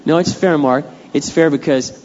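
A gentle, patient God speaks in a quiet, still voice, as a man acts it out in a sermon. The tone is calm and soft, a touch high, and it rings with a long reverb. The recording sounds dull and lo-fi. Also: moderate pace, a little hiss or hum, close to an everyday voice.

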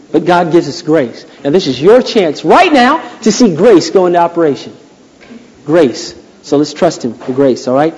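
Man preacher, high voice, keeps repeating lines and getting loud, church sound with lots of echo. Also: very animated, moderate pace. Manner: emphatic, repeats phrases, rises to loud preaching. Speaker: pastor. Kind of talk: sermon. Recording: long hall reverb.

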